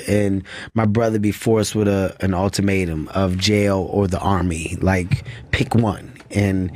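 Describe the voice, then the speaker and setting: A man's voice: on the low side, darkish tone, no room sound. Earnest man telling stories in a studio. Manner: earnest storytelling. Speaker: guest comedian. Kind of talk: casual interview talk. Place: radio studio. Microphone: studio mic.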